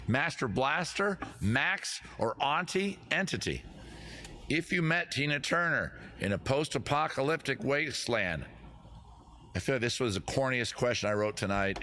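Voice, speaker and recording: A man's voice: mid-range voice, bright, forceful tone, slight background noise. A man hosting a casual livestream quiz, rambling with jokey, self-deprecating asides. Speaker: comedy show host running a quiz.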